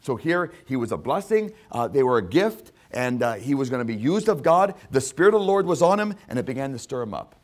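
A man preaching a sermon, fervent and repetitive, who swings from hushed asides to loud emphatic lines and calls his listeners "my friend.". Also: medium pitch, sing-song, brisk, few pauses. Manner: speaks directly to listeners as "my friend".

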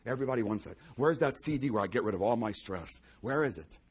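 Husky man preaching emphatically. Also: mid-range voice, expressive, quick pace. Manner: emphatic, swings from loud exclamations to hushed near-whisper; repeats key phrases for emphasis. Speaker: pastor. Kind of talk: sermon.

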